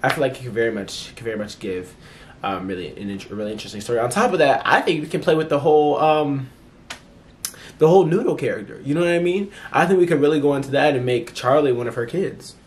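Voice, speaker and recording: A man's voice: mid-range voice, quick pace. Chatty man gushing in a movie review. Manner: chatty, animated, many fillers and restarts; acts out characters' lines in playful voices. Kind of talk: casual movie review vlog.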